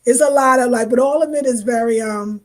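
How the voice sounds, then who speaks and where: A woman's voice: on the high side, brisk. A woman vlogging to her viewers in a rambling, emphatic, colloquial way. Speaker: travel vlogger. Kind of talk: casual spiritual talk to viewers.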